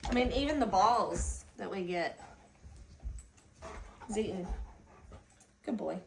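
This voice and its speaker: Woman cooing to her dog, gravelly. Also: medium pitch, expressive, slow pace. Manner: coaxing, sing-song baby talk to a dog. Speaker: dog owner. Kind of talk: casual home video talking to a pet. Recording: echoey room, distant mic, noisy.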